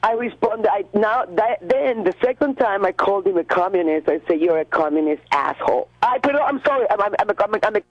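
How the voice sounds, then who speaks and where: A woman from Cuba, a radio guest, recounting an encounter in an animated, halting way with many restarts and fillers. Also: mid-range voice, no room sound, lo-fi sound. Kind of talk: phone-in storytelling.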